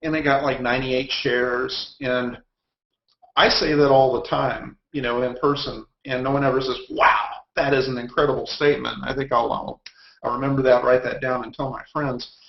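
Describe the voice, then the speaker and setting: A man's voice: medium pitch, little pitch movement, normal speed, creaky. A man with a Texan accent, a guest author chatting casually over a video call, telling wry, rambling anecdotes. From Texas. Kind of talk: casual chat. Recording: echoey, dull lo-fi web call.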